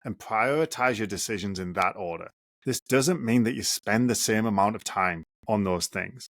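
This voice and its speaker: A man hosting a solo running podcast, talking earnestly and reflectively in short, measured phrases. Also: on the low side, a bit bright, no echo. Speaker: podcast host and running coach.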